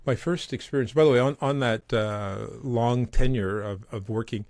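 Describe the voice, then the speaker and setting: A man's voice: normal speed, no room sound. A middle-aged man from Montreal, a guest telling stories in easygoing conversation and acting out the people he quotes. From Montreal, Canada. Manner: animated, acts out quoted voices in a higher pitch. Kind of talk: conversational storytelling.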